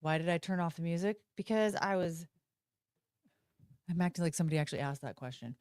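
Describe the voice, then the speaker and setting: A woman's voice: on the low side, lively intonation, quick pace, a little mellow, clean tone, no room sound, clean studio sound. A woman hosting a casual livestream, rambling and interrupting herself as she talks to viewers through her phone. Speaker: livestream host.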